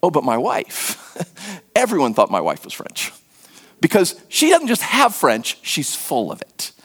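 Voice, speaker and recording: Animated American pastor preaching. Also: male voice, on the high side, measured pace, husky. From United States. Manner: conversational, animated, self-deprecating humor. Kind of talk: sermon.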